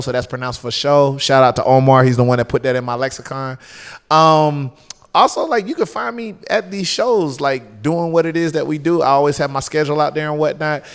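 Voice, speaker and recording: A man's voice: mid-range voice, long reverb tail. A man with a Southern US accent, a wrestler guest chatting casually on a podcast in a loose, laid-back way with lots of fillers.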